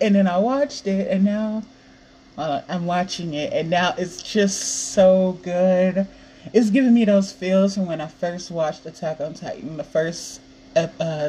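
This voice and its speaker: A woman's voice: mid-range voice, mellow, slight background noise. Hyped young woman ranting on a podcast. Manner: hyped, swearing a lot, sighing and laughing. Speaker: podcast host. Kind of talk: excited solo podcast rant.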